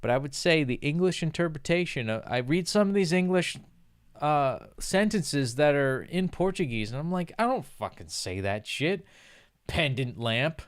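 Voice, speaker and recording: A man's voice: a little high, lively intonation, moderate pace, clear, resonant tone, no echo, studio quality. A young man ranting casually on a livestream, profane and sarcastic, and he mimics snobbish voices as he goes. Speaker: streamer.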